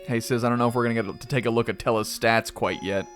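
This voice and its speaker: A man's voice: mid-range voice, steady tone, quick pace, few pauses, a bit bright, faint music behind. A man streaming a game, giving casual commentary with lots of laughter, jokes and swearing. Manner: laughing, joking, swears freely. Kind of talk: casual let's-play commentary.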